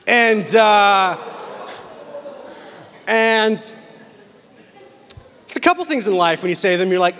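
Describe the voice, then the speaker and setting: Young male pastor, passionate storyteller with a raised pitch, preaching in a big reverberant hall. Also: slow pace, pauses often. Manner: animated, intense storytelling with big swings from loud to hushed. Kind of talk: sermon with personal stories.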